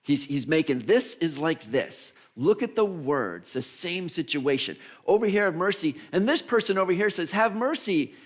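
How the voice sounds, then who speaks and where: Animated man preaching a sermon. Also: fairly high pitch, moderate pace, few pauses. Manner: animated storyteller, acting out voices of Bible figures. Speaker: minister.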